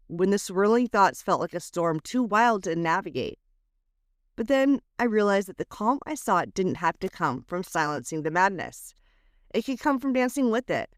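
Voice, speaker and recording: A woman podcast host reading a scripted reflective letter aloud, soothing and expressive, moving between lifted phrases and hushed drops. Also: mid-range voice, no room sound, studio quality.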